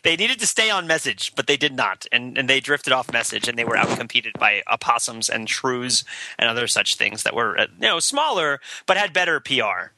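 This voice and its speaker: Animated bright-voiced male podcast host. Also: medium pitch, moderate pace, poor audio. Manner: animated, digressive, jokey with silly voices. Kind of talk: casual podcast chat.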